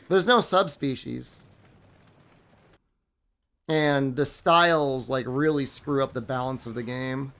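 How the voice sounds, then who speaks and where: A tired, sleepy man streams a game and chats loosely, rambling with plenty of "like" and "I mean." His voice is on the high side, creaky, and fairly bright.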